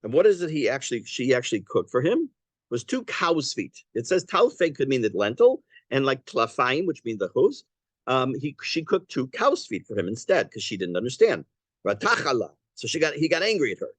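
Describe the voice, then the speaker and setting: Rabbi teaching a class, animated delivery, translating as he goes; dry close sound. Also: medium pitch, no echo. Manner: translates Aramaic phrase by phrase, lively and conversational; halting restarts and fillers while explaining. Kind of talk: Torah class explaining a Talmud story.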